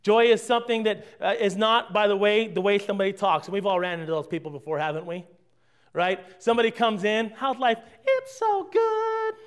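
A pastor speaks fast in a high-pitched, smooth voice as he preaches. His sermon asks the congregation rhetorical questions and shifts between forceful loud moments and soft asides.

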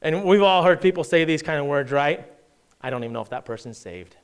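A middle-aged male pastor preaching in a notably high, smooth and resonant voice. He reads scripture aloud and presses his points with rising intensity. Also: expressive, fairly quick. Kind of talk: sermon.

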